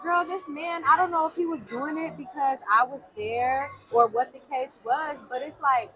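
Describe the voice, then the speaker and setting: A woman's voice: high voice, moderate pace. A woman co-hosting a casual chat, reacting frankly and swearing as she tells her own story. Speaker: podcast co-host. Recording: noticeable background noise.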